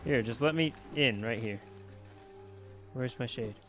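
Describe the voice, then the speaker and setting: A man giving casual gameplay commentary into his desk mic, chatty and quick to exclaim, talking back to the enemies on screen. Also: mid-range voice, a bit bright, faint music behind. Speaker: let's play gamer. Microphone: personal desk mic.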